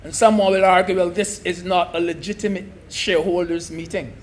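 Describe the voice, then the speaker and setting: A man's voice: high-pitched, steady tone, brisk. A man giving an emphatic speech in a senate debate, repeating key phrases and addressing the chair as sir.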